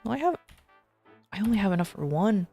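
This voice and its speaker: A woman's voice: mid-range voice, very animated, fairly quick, dark tone, soft background music. A woman VTuber streamer chatting casually while gaming, rambling and ranting in an exasperated way.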